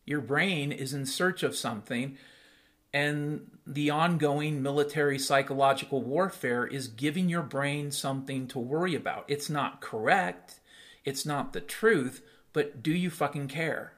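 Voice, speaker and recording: A man hosting a solo podcast, his voice sitting a little higher than most men's. He rants bluntly at his listeners, sarcastic and quick to swear, and keeps firing rhetorical questions at them. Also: a bit bright. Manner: blunt, profane, sarcastic rant. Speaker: podcast host.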